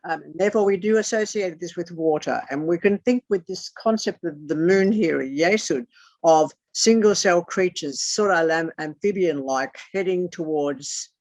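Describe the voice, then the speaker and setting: A tarot teacher gives a rambling esoteric lecture, swearing casually and drifting into muttered asides. Their voice is mid-range at normal speed, and the recording is dry, dull, and lo-fi.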